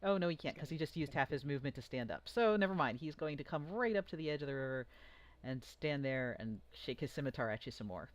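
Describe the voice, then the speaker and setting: A game master narrating a tabletop fantasy game in a playful, animated way. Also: medium pitch, quick pace.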